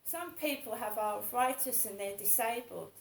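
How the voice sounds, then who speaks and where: Rambling and aggrieved, a fifty-something woman vlogs in a casual monologue, going over the same points again and again. Her creaky voice is on the high side at normal speed, and the rough recording has a roomy sound.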